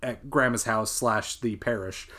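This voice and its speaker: A man's voice: medium pitch, unhurried, bright, forceful tone. Rambling man chatting about a film. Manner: rambling, many fillers and restarts. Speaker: podcast co-host. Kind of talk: casual film discussion.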